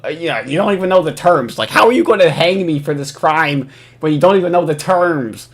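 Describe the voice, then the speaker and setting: A man's voice: a little high, animated, brisk. A man giving casual reaction commentary over footage, profane and mocking, often laughing.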